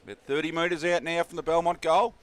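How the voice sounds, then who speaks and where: A man's voice: on the high side, fairly even intonation, quick pace, fairly bright tone. Laid-back Australian man calling football. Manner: chatty, laid-back calling with fillers and banter. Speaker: play-by-play commentator. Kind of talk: local football radio commentary.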